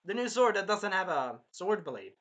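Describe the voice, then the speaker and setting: A man excitedly recapping an anime episode on camera, swearing, apologizing and acting out the scenes. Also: sits high, normal speed. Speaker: anime reviewer.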